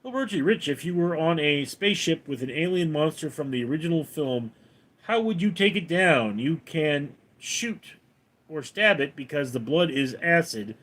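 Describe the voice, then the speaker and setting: Male streamer reading chat aloud, fairly high voice with lots of pitch movement, dry offhand delivery. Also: normal speed. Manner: reads viewer comments aloud and answers offhand, deadpan. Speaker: livestream host reading chat. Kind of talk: casual livestream chat.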